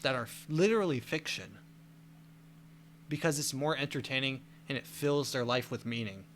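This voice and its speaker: Male podcast host, slightly drunk, bright voice, faint background hiss; loose, rambling delivery. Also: mid-range voice, moderate pace. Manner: rambling, stumbling restarts. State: tipsy. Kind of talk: casual chat.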